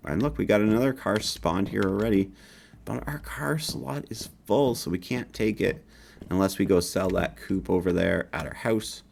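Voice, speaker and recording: A man's voice: lowish voice, normal speed, vocal fry, darkish tone, a little hiss or hum. A man from northern Canada with a slight northern Canadian accent, a game developer giving a casual, upbeat walkthrough of his game with folksy asides. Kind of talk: gameplay walkthrough commentary.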